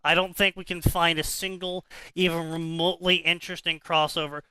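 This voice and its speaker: A man's voice: on the high side, little pitch movement, brisk, sharp tone, clean tone. A man co-hosting a podcast, ranting casually and cursing, often repeating his words as he starts a thought. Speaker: podcast co-host. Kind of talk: casual banter.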